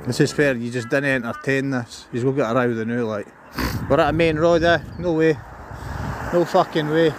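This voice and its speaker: A Scottish man livestreams while out with his dog in a park and near roads, talking casually in a steady, mid-range voice at a fairly quick pace against a noisy background. He cracks jokes, curses, and barks orders at the dog.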